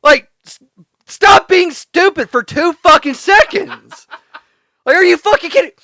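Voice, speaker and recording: Male podcast co-host; foul-mouthed, laughing rants; bright, dry sound. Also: very high-pitched, unhurried, vocal fry, no room sound. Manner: ranting, heavily profane, laughing often. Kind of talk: casual podcast chat.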